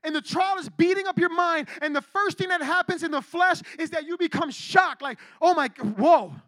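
A man preaching an energetic youth sermon in a slangy, animated way, acting out people's reactions as he goes. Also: very high-pitched, brisk, no room sound.

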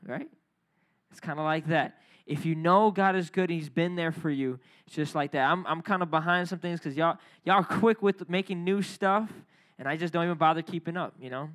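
A young adult man preaching a sermon, energetic and playful, calling out to the congregation. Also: sits high. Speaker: pastor.

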